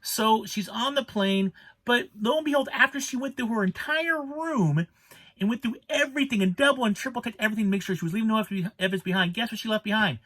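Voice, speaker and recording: A man's voice: sits high, quick pace, a bit bright. A man giving a casual spoken movie review, rambling and exasperated, restarting his sentences as he rants.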